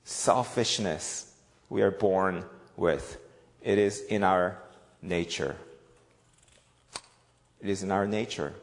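A man's voice: low voice, slow pace, pauses often, big-room sound. A man preaching a sermon in a conversational way, often checking in with "right?". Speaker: pastor.

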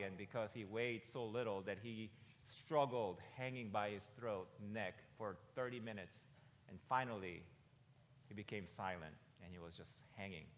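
A pastor in his forties preaching a sermon in a conversational way, often asking "right?" and rising to loud, emphatic peaks. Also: on the low side, big-room sound. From United States. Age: 40s.

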